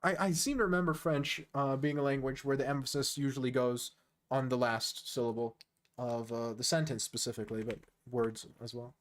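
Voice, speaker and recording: A man streaming online chess, chatting casually and thinking aloud, quick to make fun of his own play. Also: mid-range voice, fairly even intonation. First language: English. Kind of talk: casual live-stream commentary.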